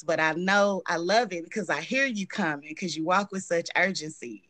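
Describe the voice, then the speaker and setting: A woman sharing a heartfelt tribute as a guest, warm and expressive, acting out the dialogue in her story. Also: fairly low pitch, dry recording.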